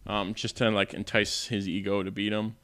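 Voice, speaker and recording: A man's voice: on the low side, little pitch movement, normal speed, a bit bright. A man co-hosting a podcast, talking in an easygoing, rambling way. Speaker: podcast co-host. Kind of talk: casual chat.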